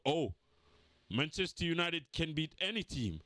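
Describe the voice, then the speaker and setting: A man's voice: sits high, very animated, measured pace, a bit bright, dry recording. A man giving a heated football fan rant, mocking and repeating his points for emphasis.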